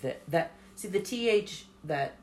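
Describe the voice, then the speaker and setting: A woman's voice: on the low side, animated, measured pace, darkish tone. A woman co-hosting a casual podcast, curious and questioning as she repeats words back. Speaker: podcast co-host. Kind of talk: casual chat. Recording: echoey room with faint noise.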